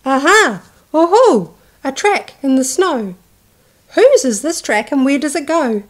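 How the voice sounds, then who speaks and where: Woman reading a bold curious little monster girl, storybook, high, exclaiming. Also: sing-song, unhurried. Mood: excited. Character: small brave young female monster child.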